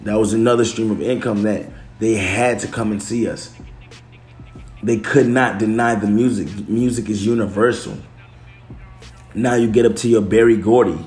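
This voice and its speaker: Slangy low-voiced man in an echoey room. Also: fairly even intonation, normal speed, darkish tone, soft background music. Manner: loose and slangy, swears, restarts and self-corrects. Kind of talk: casual chat.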